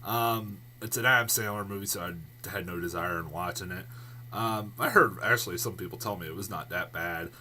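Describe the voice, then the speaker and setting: A man giving a casual, rambling movie review vlog, swearing freely, laughing often and getting loud and worked up. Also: low-pitched, brisk, a little hiss or hum.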